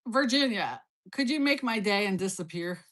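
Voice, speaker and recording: A woman's voice: a little high, very animated, measured pace, pushed and bright. A woman hosting a casual cooking livestream from her kitchen, reading out viewer comments and answering them in a blunt, teasing, playful way. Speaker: livestream host.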